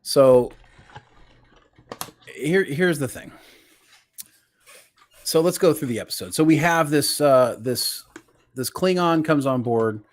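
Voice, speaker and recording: A man's voice: fairly high pitch, slow, long pauses. A man co-hosting a casual pop culture podcast, walking through an episode step by step with frequent restarts. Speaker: podcast co-host.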